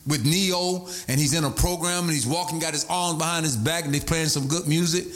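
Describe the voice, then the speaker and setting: A man preaching a sermon, animated, breaking into shouts and sing-song emphasis. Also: fairly high pitch, brisk.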